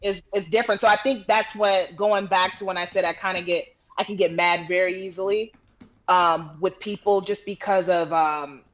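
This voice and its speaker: A woman's voice: fairly low pitch, steady tone, normal speed, rough recording. A woman in her thirties from Georgia, a guest in a casual interview, speaking plainly with short friendly agreements. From Georgia, USA. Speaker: guest, fitness champion.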